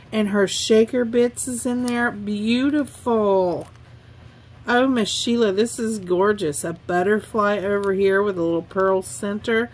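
A woman hosting a craft channel, chatting casually and gushing over handmade cards she was sent. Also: mid-range voice. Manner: gushing, effusive. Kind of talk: casual unboxing chat.

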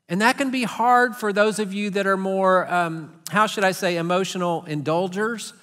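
A middle-aged Texan man preaching from the pulpit in an earnest, conversational way. His voice sits high and sounds bright and forceful. A long reverb from the large sanctuary trails behind each phrase. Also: moderate pace. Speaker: pastor. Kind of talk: sermon.

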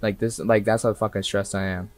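A young man doing live commentary on a horror game, excitable and swearing freely, talking straight to the characters and breaking into sudden yells. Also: lowish voice, brisk. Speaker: streamer. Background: faint game music.

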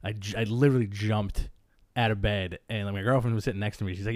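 A man with a lowish voice co-hosting a comic book chat. He talks with eager enthusiasm, rambling and filling gaps with "like" and "um", over a dry, close sound. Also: fairly even intonation, fast, dry recording. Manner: enthusiastic, rambling, filler-heavy. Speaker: podcast co-host.

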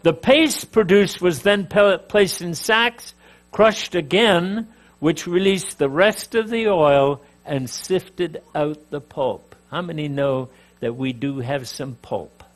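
Slow, emphatic Canadian-born preacher. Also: male voice, a little high. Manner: emphatic, rises and drops in volume, jokes with audience. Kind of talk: teaching sermon.

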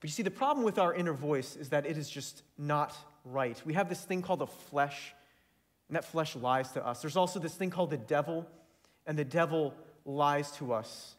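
A man's voice: fairly high pitch, moderate pace. A young man preaching a sermon, earnest and building to fervent emphasis.

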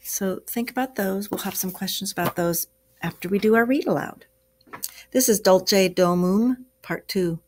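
A woman's voice: lowish voice, darkish tone. A woman teacher reading a story aloud to young pupils and stopping to explain words. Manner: explains words to children as she reads. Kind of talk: classroom read-aloud.

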